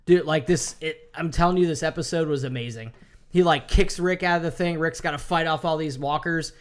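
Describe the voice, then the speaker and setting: A man in casual chat, excitedly recapping a TV episode, swearing often and acting out the characters' lines. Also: fairly high pitch, a little fast. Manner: excited, swears a lot, acts out quotes. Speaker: podcast co-host.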